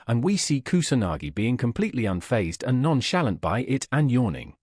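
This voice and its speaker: Male recap narrator, brisk, animated delivery, dry close mic. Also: mid-range voice, husky, no echo. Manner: brisk, storytelling. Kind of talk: scripted story recap narration.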